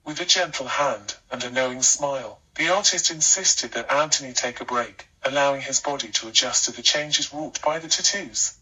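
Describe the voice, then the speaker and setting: A man narrating a scripted life story with a steady, even storytelling delivery. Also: medium pitch, normal speed, few pauses, slightly rough, recorded from a distance, poor audio.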